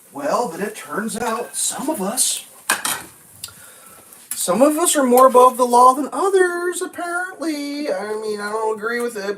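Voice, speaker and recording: A vlog host ranting casually over breakfast, rambling and sarcastic, swearing freely and laughing often. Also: medium pitch. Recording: distant mic with faint noise.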